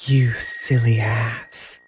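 A man voicing a tiny, loyal and fierce female fairy in a high, soft voice for a storybook reading. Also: very animated, slow pace, slightly rough, no room sound, heavily acted. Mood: faint.

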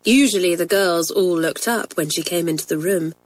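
A woman's voice: fairly low pitch, moderate pace, no echo, low-quality recording. Woman reading a children's story. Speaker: audiobook narrator.

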